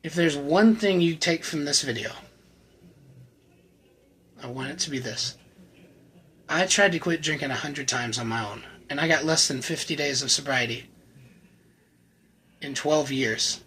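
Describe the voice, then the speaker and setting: A man giving an earnest, emotional personal faith testimony to the camera, often halting and repeating words. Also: fairly high pitch, pushed and bright, slight background noise, rough recording. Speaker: channel host sharing his recovery testimony.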